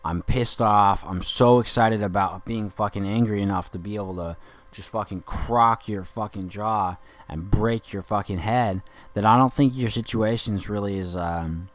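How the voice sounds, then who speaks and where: A man's voice: on the low side, normal speed, close to an everyday voice. A man playing an angry, rambling Dick Grayson in a profane comedic podcast monologue. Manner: rambling, profane, indignant ranting.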